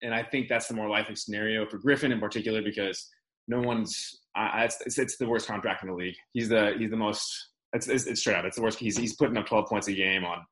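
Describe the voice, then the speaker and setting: A man's voice: lowish voice, fairly even intonation, quick pace, a bit bright, low-quality recording. A man co-hosting a casual sports podcast, rambling and restarting his sentences. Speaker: podcast co-host.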